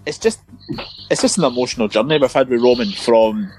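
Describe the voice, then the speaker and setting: A man's voice: medium pitch, brisk, darkish tone, soft background music, poor audio. Man leading a casual podcast chat. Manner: leads topics, conversational. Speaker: podcast host.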